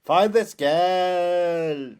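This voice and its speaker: A man putting on a loud, slow, overblown impression of a boastful male movie star playing a villain. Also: high-pitched, smooth, voice pushed up. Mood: hammy.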